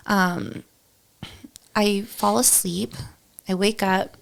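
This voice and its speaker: Creaky-voiced woman telling a raw story. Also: medium pitch, moderate pace. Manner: raw, rambling, full of "like" and quoted self-talk. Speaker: podcast guest. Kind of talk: emotional personal storytelling.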